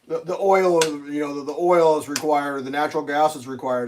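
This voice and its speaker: A man's voice: on the high side, fairly even intonation, a little slow, long pauses, darkish tone, slight background noise. A man live streaming and chatting casually over breakfast, rambling and profane, with plenty of fillers.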